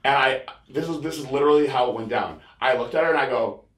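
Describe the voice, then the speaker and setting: A man hosting a podcast, telling a crude story in a rambling casual way and mimicking others in high voices. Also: quick pace, a bit bright. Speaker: podcast host. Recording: echoey room.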